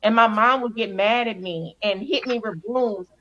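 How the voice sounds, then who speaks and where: A woman's voice: a little high, normal speed, a bit bright, lo-fi sound. A woman giving earnest, emotional personal testimony as a guest, often repeating words. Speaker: cast member and guest.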